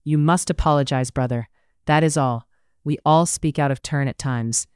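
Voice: mid-range voice, normal speed, clear, resonant tone, dry recording, clean studio sound, lightly acted. A narrator doing an earnest young sister. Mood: caring. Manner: earnest, gentle. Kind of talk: audiobook character reading.

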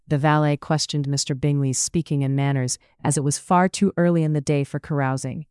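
A narrator telling a period novel in a measured, even manner. The voice is smooth and clear, and the recording is close and dry with no room echo. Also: mid-range voice. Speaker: audiobook narrator.

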